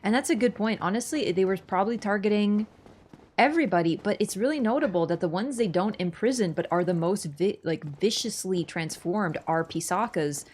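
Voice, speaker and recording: A young Canadian woman livestreams a game, chatting casually and sarcastically and rambling through plenty of asides. Her mid-range voice is a little mellow and moves fairly quickly.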